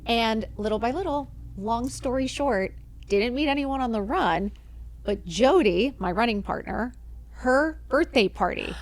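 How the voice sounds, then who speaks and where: A woman's voice: a little high, animated, measured pace. A woman who is a podcast guest, telling a story in casual chat, acting out quoted dialogue and swearing freely.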